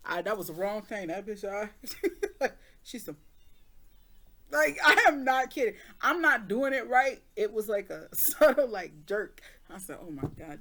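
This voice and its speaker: Slangy, animated woman telling a story. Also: mid-range voice, a little slow, long pauses. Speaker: tarot reader. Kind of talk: casual tarot reading and storytelling.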